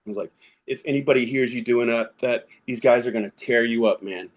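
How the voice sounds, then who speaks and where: A man's voice: medium pitch, brisk, muffled recording. A man in his thirties, a podcast guest, telling casual stories about fatherhood and gaming, laughing often as he talks. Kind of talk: casual storytelling.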